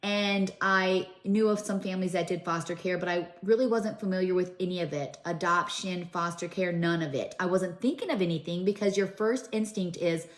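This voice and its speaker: A woman's voice: lowish voice, normal speed, few pauses. Emotional middle-aged woman, roomy echo. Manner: earnest, emotional, with many fillers and restarts. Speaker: vlogger. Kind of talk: personal storytelling to camera.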